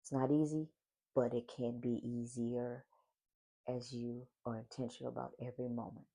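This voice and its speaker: Gravelly, warm-voiced man hosting a faith podcast. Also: mid-range voice, flat delivery, normal speed. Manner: repeats affirmations, speaks with a smile in the voice. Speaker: podcast host. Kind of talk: solo faith-based encouragement monologue.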